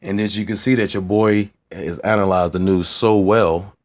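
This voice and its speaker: Man, very low voice, dry close sound, rambling casual vlog, profane. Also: fairly even intonation, moderate pace, dry recording. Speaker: vlogger.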